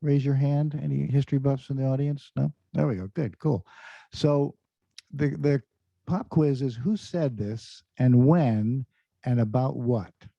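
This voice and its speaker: A man's voice: medium pitch, unhurried, vocal fry, mellow, no echo. A man giving an online presentation in a conversational tone, full of fillers, quizzing his audience over a video call. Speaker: career speaker. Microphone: computer mic on a video call. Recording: dull lo-fi video call audio.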